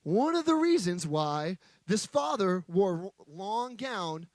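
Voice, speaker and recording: A man gives a playful, chatty sermon from a stage and banters with his audience. His voice sits high and comes across close and dry, with no room echo. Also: sing-song, slow pace, a little mellow. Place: stage before a live audience.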